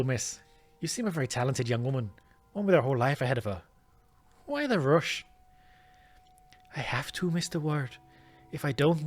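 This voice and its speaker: A man putting on a young Irish woman with fading visions, raising his voice high and lively. She sounds soft, earnest and a little apologetic, read straight from a game. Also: lightly acted. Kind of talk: reading game dialogue aloud.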